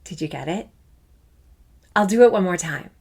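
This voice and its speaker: A woman's voice: on the low side, animated, moderate pace, a little mellow, breathy edge. A middle-aged woman music teacher from Canada, giving a playful, upbeat online lesson for children. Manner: enthusiastic, playful, speaks to children.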